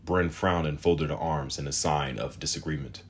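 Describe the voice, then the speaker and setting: A man narrating an audiobook in a measured, expressive storytelling manner. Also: a bass voice, husky. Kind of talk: scripted narration.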